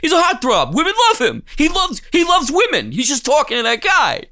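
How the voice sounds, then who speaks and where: A man putting on a hot-headed older New York mobster, shrill and yelling, constantly indignant, profane, jumpy lively pitch. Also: a little fast, full character voice. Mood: furious. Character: furious foul-mouthed older male mobster actor.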